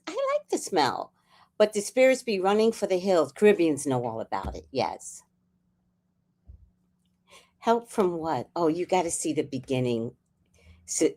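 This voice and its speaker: A woman's voice: lowish voice, a little mellow. A woman from New York City hosting a casual livestream chat, ranting sarcastically and breaking into laughter. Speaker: livestream host.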